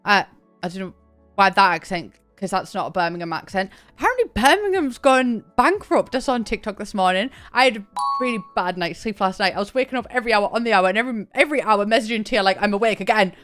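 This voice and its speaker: A woman's voice: medium pitch, quick pace, a bit bright, soft background music. A young woman chatting casually on a live stream, thanking viewers by name and laughing often. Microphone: desk mic, camera on.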